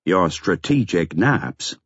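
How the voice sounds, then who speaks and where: Calm formal man as a narrator plays him, deep husky voice, measured, audiobook, dull lo-fi sound. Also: no echo, full character voice. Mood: exasperated. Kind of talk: audiobook character voice.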